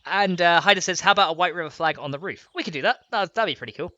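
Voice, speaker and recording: A man's voice: high voice, fast talker, dull audio, background noise. A young man streaming a building game, chatting casually, giggling and reading out chat messages. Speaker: gaming streamer. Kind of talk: casual live gameplay chat.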